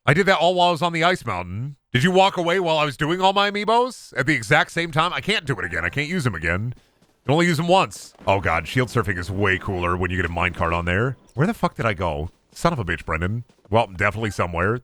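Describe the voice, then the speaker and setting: A young man giving casual, excitable play-by-play on a game stream, swearing freely and chatting to himself and his viewers. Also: mid-range voice, dry recording. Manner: excitable, swears a lot, talks to himself and chat. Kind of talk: casual gameplay commentary.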